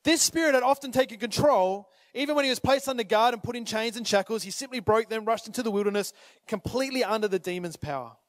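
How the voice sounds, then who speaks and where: A man preaching a sermon as pastor, swinging between urgent, rising calls and quiet appeals, sometimes acting out the people in the story. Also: very high voice, fast, no room sound, clean studio sound. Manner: impassioned, rises to urgent calls then drops to quiet; acts out voices when retelling scripture.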